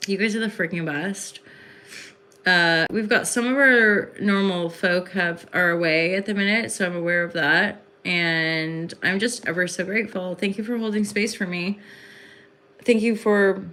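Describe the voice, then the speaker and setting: A woman's voice: lowish voice, unhurried, sharp tone. A woman hosting a casual livestream into her phone at home in the evening, rambling and effusive, with lots of fillers. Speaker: livestream host and spiritual reader.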